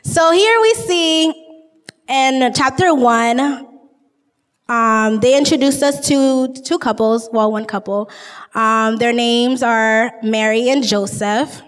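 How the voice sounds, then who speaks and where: A woman's voice: a little high, slow, in a large hall. A woman, casually and goofily retelling a Bible story in her own words. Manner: goofy, chatty, uses lots of "like". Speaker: informal Bible teacher.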